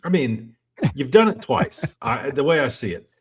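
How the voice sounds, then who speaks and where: A man's voice: mid-range voice, sing-song, normal speed, breathy edge. A man in his forties musing wryly and reflectively in casual podcast chat. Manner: wry, reflective, mildly teasing. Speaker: podcast co-host.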